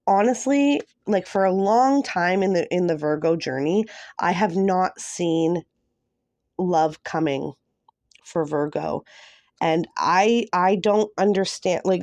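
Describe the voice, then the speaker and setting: Gushing tarot reader, a low-voiced woman. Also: a little mellow, no room sound. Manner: gushing and emotional, many fillers. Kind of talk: casual tarot reading to camera.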